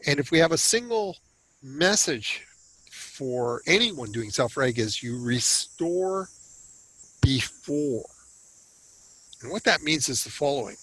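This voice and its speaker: A man's voice: medium pitch, expressive, slow, long pauses, pushed and bright, husky, rough recording. An older man from Canada speaking as a guest expert, explaining in an earnest, conversational way and often restarting words when he stresses a point. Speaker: self-regulation expert guest.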